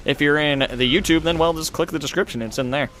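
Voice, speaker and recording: A young man in his twenties calling a video game match play by play, rapid and excitable. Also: on the high side, slight background noise. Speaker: esports caster.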